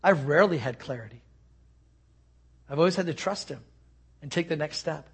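A man quoting a calm elderly nun. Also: a little high, normal speed, vocal fry, slightly rough, exaggerated voice.

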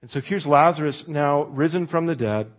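A man preaching a sermon, talking through a scripture story in a conversational way and dropping to a hush when he quotes. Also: a little high, normal speed. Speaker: pastor.

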